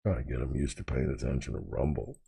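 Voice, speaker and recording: A man's voice: very deep voice, fast talker, gravelly, warm tone, breathy edge, no echo. A man hosting a livestream, chatting casually in a crude, rambling way with mumbled asides. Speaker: livestream host.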